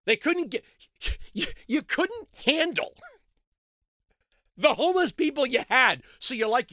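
A man hosting a talk radio show, delivering a sarcastic, mocking monologue that swings between loud outbursts and low mutters. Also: very animated, a little slow, pauses often, no echo, studio quality.

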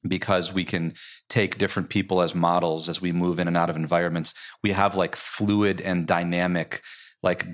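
Male author as interview guest, low voice, reflective and explanatory. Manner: thoughtful, explaining ideas with many filler likes.

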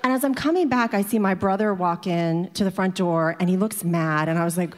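A woman's voice: medium pitch, animated, fairly quick, hardly any pauses, a little mellow, long reverb tail, slight background noise. A woman telling a personal story to an audience in a chatty way, filling it with "like" and acting out the people in it.

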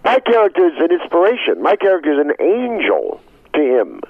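A man, an actor guest in an interview, talking in an expressive, rambling way that swings between loud excitement and low murmurs. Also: brisk, no echo. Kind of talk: animated interview talk. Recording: tinny phone line.

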